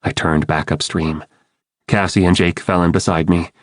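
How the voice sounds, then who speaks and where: A man's voice: low-pitched, fairly even intonation, moderate pace, no echo. A man giving urgent, dramatic first-person audiobook narration into a close studio mic.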